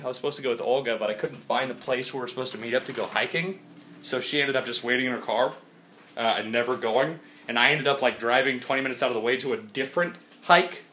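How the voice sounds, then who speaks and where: A young man in his twenties chatting casually in a vlog, rambling and laughing often, with sudden loud high jumps in his voice. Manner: excitable, jumps high and loud when calling his dog. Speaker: vlogger.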